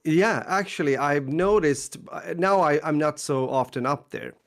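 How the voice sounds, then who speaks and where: A man's voice: a little high, unhurried. A man from northern Sweden with a Swedish accent, a podcast co-host chatting in a reflective, hesitant way. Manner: reflective, hesitant, short affirmations. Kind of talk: casual chat.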